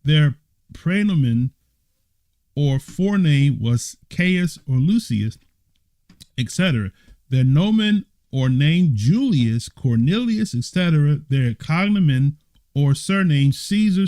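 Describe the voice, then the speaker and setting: A man's voice: a little high, big pitch swings, slow pace, darkish tone, dry recording. A man teaching a Bible study. He reads passages aloud and breaks off for teasing, mock-surprised asides with laughter.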